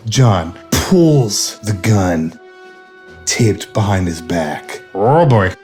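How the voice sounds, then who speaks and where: A man narrating a drunk retelling of an action movie, rambling and giggling, slipping into quick silly character voices. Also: fairly low pitch, lively intonation, darkish tone, faint music behind.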